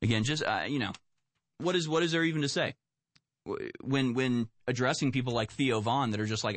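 A man giving solo political commentary, reading news aloud and breaking off into sarcastic, animated hypotheticals. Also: mid-range voice, moderate pace, long pauses, no room sound.

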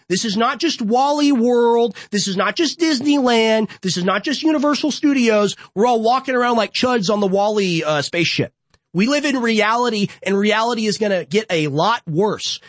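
A man's voice: sits high, dry recording. A young man hosting a political show from a studio, delivering an impassioned, ranting monologue full of repeated rhetorical build-ups. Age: young adult. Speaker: political podcast host.

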